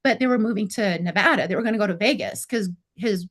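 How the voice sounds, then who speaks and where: A woman's voice: mid-range voice, fast. A middle-aged woman telling a personal story in casual talk, acting out the dialogue with lots of "I was like.". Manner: animated, acts out quoted dialogue with lots of "I was like". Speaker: guest telling her story.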